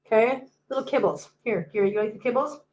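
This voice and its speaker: A woman's voice: fairly high pitch, a little fast, darkish tone, echoey room, rough recording. A woman hosting a casual livestream from home, chatting and joking while she talks to her cats. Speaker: host.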